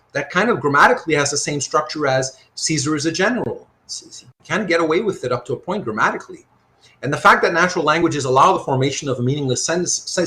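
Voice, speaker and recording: A man teaching a live online philosophy class, working through examples out loud and often checking that his students follow. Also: on the high side. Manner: animated, thinks aloud with frequent rhetorical checks. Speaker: philosophy lecturer.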